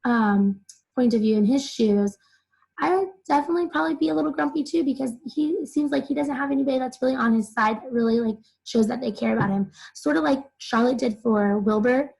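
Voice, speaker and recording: A woman's voice: high voice, fairly quick, vocal fry, darkish tone, breathy edge, poor audio. A young woman teacher explaining a children's novel chapter to her students in simple terms, full of "like" fillers. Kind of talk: recorded reading lesson for children.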